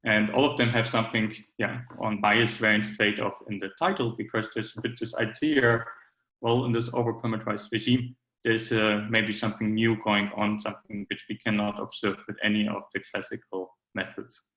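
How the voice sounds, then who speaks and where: Male academic speaker, low monotone delivery, hesitant, roomy lecture-hall sound. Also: brisk. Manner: hesitant, many fillers and restarts. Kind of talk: conference talk.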